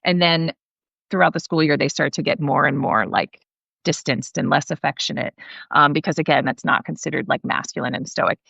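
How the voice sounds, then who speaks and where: A low-voiced woman with a gravelly, creaky edge, speaking earnestly and thoughtfully as an interview guest. Her speech is full of fillers and restarts, and it is recorded dry and slightly dull. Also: fairly even intonation, brisk, fairly bright tone, dry recording. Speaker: author and parenting guest. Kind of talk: conversational interview.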